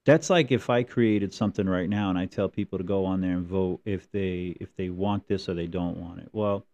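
Low, mellow-voiced man chatting casually. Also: normal speed, dull audio, slight background noise. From New Jersey. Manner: rambling, animated storytelling with mimicked voices. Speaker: podcast co-host. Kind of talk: casual chat.

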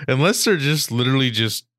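A man's voice: medium pitch, lively intonation, moderate pace, fairly bright tone, no echo, studio quality. A young man in casual chat, reacting bluntly and swearing casually.

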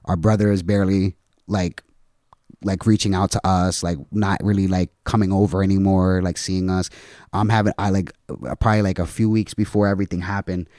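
A man's voice: deep voice, level tone, a little fast, darkish tone, no echo, clean studio sound. A man guest on a podcast, telling a family story casually with swearing and lots of "like". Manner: casual, swearing, heavy use of "like". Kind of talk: emotional storytelling in a podcast interview.

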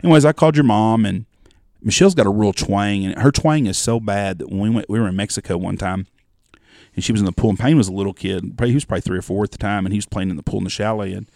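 A man's voice: fairly low pitch, racing, a little mellow, dry recording, clean studio sound. A man in his forties, co-hosting a casual chat and telling rambling, profane stories. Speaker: podcast co-host.

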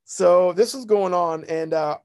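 A man's voice: high-pitched, measured pace, a little mellow, smooth. Rambling man telling a story. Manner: rambling, self-deprecating, acts out quoted voices. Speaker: guest telling his life story. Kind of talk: casual storytelling.

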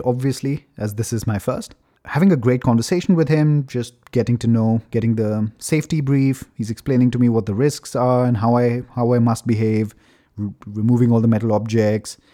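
A man casually telling a personal story, relaxed and chatty, swearing now and then and laughing at himself. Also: medium pitch. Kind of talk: casual anecdote.

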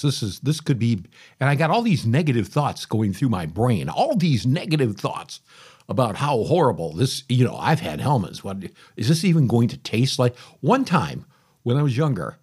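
A middle-aged man hosting a podcast in a loose, folksy monologue. His voice is husky and his pitch rises and falls a lot. He wanders off track and keeps cutting into his own sentences. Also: darkish tone. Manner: rambling, folksy, self-interrupting. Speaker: podcast host. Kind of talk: casual storytelling monologue.

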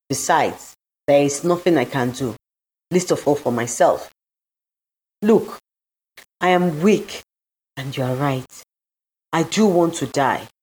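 A woman reading a story aloud, voicing a proud captive woman, a chief's daughter who talks in a sharp, demanding way. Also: low-pitched. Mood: weary.

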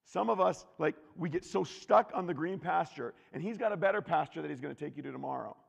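A man preaching a sermon, animated and swinging from loud declarations to hushed asides. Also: fairly high pitch, creaky, husky, in a large hall.

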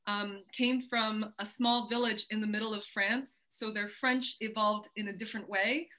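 A woman's voice: mid-range voice, fairly even intonation, pushed and bright. A woman from the United States, a podcast guest, chatting in a curious, playful way. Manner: curious, playful, quick to laugh. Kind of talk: casual interview chat.

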